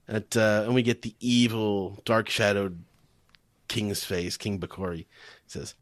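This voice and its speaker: A man's voice: fairly low pitch, steady tone, unhurried, no room sound. A man co-hosting a podcast, animatedly recapping a comic chapter in casual chat and laughing often.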